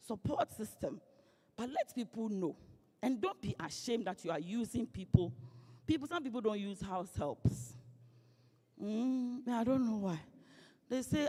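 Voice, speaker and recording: Woman, lively motivational speaker, heard with long hall reverb. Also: mid-range voice, normal speed. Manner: lively, playful, acts out quoted voices. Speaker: guest speaker. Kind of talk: motivational speech.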